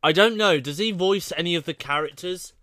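A male vlogger talks on his own in a loose, rambling way, thinking aloud and second-guessing himself as he goes. His voice sits a little high and sounds smooth and clear, recorded dry with no room echo. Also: a little fast, sharp tone. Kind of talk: casual solo chat to camera.

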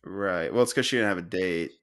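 A man's voice: low-pitched, a little fast, fairly bright tone. A man co-hosting a podcast in casual chat about a film, laughing often and correcting plot details. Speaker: podcast co-host.

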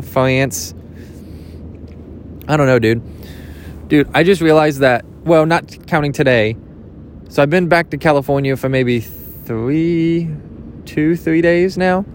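Young dude rambling at the beach, jokey, swears, voice jumps up when hyped, faint rumble of cars behind. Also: male voice. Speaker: vlogger. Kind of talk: rambling casual vlog. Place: outdoors at a beach.

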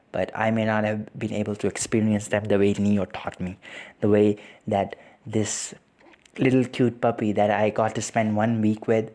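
A young man hosting a podcast, recounting a painful loss in a halting way, with repeated words and sighs, close to tears. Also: lowish voice, a little mellow. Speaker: podcast host. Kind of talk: personal reflective storytelling.

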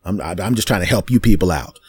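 A man's voice: low-pitched, animated, fairly quick, darkish tone, slightly rough. A man hosting a podcast, telling an absurd comic story in a ranting, mock-indignant way and acting out the voices. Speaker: podcast host. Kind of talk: comedic monologue storytelling.

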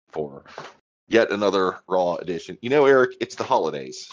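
A man's voice: low-pitched, sing-song, moderate pace, muffled recording, music in the background. A man co-hosting a casual podcast, chatting and joking loosely with his friend. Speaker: podcast co-host. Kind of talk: casual chat.

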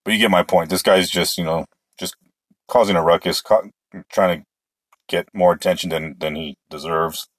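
Low-voiced guy doing solo sports talk, opinionated, rambly, dry close sound. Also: fairly even intonation, moderate pace, no room sound. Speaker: sports podcast host.

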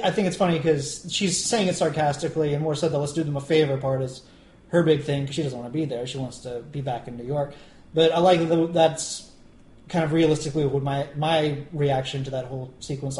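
A man's voice: on the high side, a little mellow, roomy sound. A man co-hosting a podcast, rambling in casual chat with many restarts. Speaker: podcast co-host.

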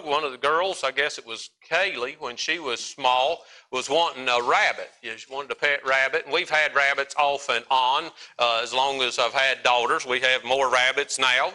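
A man's voice: medium pitch, sharp tone, low-quality recording. A man preaching a sermon at a church service, telling a down-home story in a folksy, earnest way.

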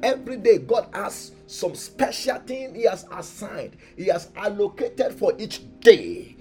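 A man preaching and leading a congregation in fervent prayer, moving between calm teaching and loud exhortation. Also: high voice, a little slow, few pauses, music in the background.

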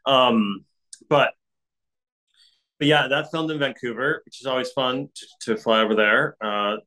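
A man of ordinary pitch talks through his memories in a loose, meandering way, full of fillers and restarts. He laughs easily. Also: a little slow, sharp tone, poor audio. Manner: rambling, many fillers like "like" and "um", laughs often. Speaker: actor guest. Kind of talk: casual interview chat.

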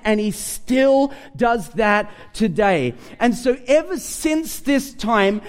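A man preaching a sermon to a congregation, animated and humorous, often repeating words as he starts sentences. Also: very high-pitched. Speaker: pastor.

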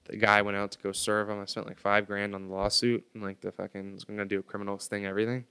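A young man in his twenties, a podcast guest, telling a story in casual slangy talk, getting loud when he acts out his anger. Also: on the low side, flat delivery, fast talker, clean tone. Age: 20s.

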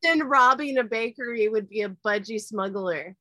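Bright-voiced woman hosting a podcast. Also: fairly high pitch, moderate pace, no room sound. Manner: playful, swears freely, jokey. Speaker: podcast host. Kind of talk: casual podcast chat.

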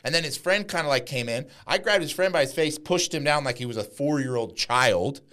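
A man's voice: fairly high pitch, fairly quick, hardly any pauses, pushed and bright. A young adult man telling brash, profane stories in casual podcast chat. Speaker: podcast guest.

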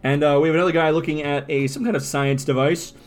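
A man's voice: fairly high pitch, fairly even intonation, quick pace, soft background music. A man co-hosting a casual podcast, reading out comic panels and reacting with laughs and the odd swear. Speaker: podcast co-host. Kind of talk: casual comic-book podcast chat with read-aloud dialogue.

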